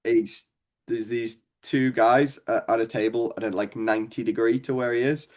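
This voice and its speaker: A man's voice: mid-range voice, fairly even intonation, normal speed. A young man with a Scouse accent, a stand-up comedian guest telling rambling, sweary stories and laughing along. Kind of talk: casual storytelling chat.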